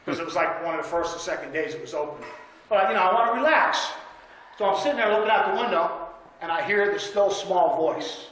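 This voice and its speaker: Man, guest preacher, folksy storytelling sermon, high voice, very reverberant church. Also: fast, bright, forceful tone, slight background noise. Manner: folksy, conversational, asks the congregation for amens. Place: church sanctuary. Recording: very echoey church room.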